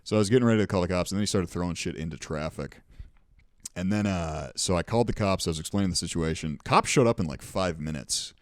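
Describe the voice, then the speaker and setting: A man's voice: sits low, fast talker, no echo, clean studio sound. A young man hosting a podcast, telling rambling, profane anecdotes in casual chat. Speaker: podcast host.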